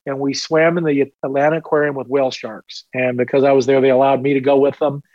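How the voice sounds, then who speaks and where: A man's voice: mid-range voice, little pitch movement, fast talker, no echo, dull audio. A man in his fifties, a retired police officer, telling stories in a casual podcast interview with rambling energy and self-deprecating humor.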